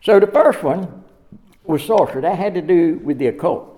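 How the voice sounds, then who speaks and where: A man's voice: on the high side, lively intonation, normal speed, dark tone. A middle-aged man preaching a sermon, telling folksy stories with frequent laughter. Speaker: pastor.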